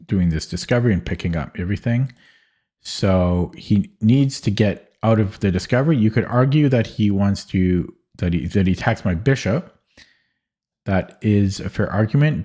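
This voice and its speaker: A man streaming from his home office, calmly talking himself through chess puzzles in a slow, musing way. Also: on the low side. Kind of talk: thinking aloud while solving chess puzzles.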